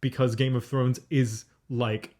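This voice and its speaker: A man talks through his take on a film in a loose, rambling way, full of fillers. His voice sits at an ordinary middle pitch, and he sounds opinionated but easygoing. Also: flat delivery, a little slow, a little mellow. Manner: chatty and opinionated, many fillers like "like" and "um". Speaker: podcast co-host. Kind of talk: casual chat, movie review.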